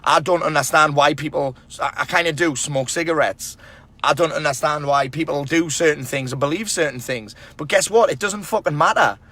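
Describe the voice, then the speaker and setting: A man's voice: fairly high pitch, normal speed, sharp tone. A man talking straight to camera, blunt and emphatic, swearing often as he gives tough-love advice to other men. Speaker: men's self-help speaker. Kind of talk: casual motivational monologue.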